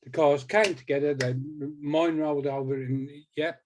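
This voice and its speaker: A man's voice: on the high side, steady tone, moderate pace, slight background noise. A man in his sixties, a hypnotist guest in a conversational interview, talking emphatically and repeating words for stress.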